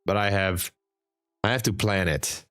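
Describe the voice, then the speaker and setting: A man's voice: low voice, measured pace, a bit bright, smooth, dry recording, clean studio sound. A man from Hungary with a Hungarian accent, chatting casually and joking on a trading live stream. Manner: joking, chatty, laughs often. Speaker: livestream trader.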